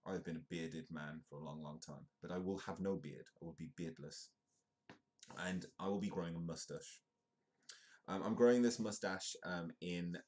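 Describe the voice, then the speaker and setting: Young British stream host, deep voice, chatty, self-mocking, waffles. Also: male voice, darkish tone. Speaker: live-stream comedy news host. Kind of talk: rambling casual live-stream chat.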